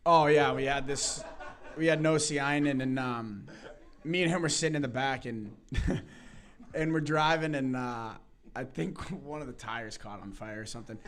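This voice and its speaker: A man's voice: mid-range voice, normal speed, a bit bright. Young guy chatting about team life, loose and rambly, lots of likes and ums. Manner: laid-back, rambling anecdotes with frequent laughs and fillers. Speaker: hockey player guest. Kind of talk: casual storytelling.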